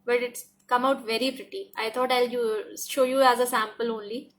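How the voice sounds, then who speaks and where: Bright, high-voiced Indian woman demonstrating crafts. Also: flat delivery, moderate pace, a little hiss or hum. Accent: Indian English. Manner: enthusiastic, repeats "look at this", code-switches to Hindi. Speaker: craft die designer presenting new products. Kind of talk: product demonstration tutorial.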